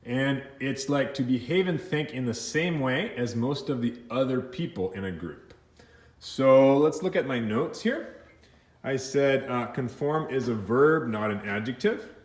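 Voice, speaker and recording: A man teaching English vocabulary in a recorded lesson, explaining slowly with many fillers and restarts, sometimes slipping into Spanish words. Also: mid-range voice, expressive, echoey room.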